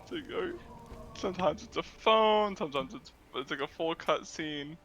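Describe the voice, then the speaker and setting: A man's voice: on the high side, lively intonation, normal speed, fairly bright tone. A man co-hosting a game stream, chatting casually and laughing easily. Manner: laid-back, laughs easily. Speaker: co-host. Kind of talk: casual gaming chat.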